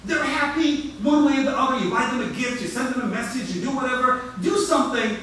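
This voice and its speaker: A man with a high voice preaches quickly, his words tumbling out with energetic repetitions. He is heard from a distance in a mosque hall that rings with echo. There is a faint hum of room noise behind him. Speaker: imam. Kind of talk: sermon. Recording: echoey hall from far off.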